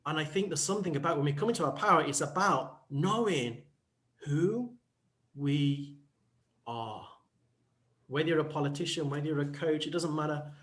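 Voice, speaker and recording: High-voiced man, reflective coach. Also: fast, few pauses, a bit bright. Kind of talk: panel talk show chat.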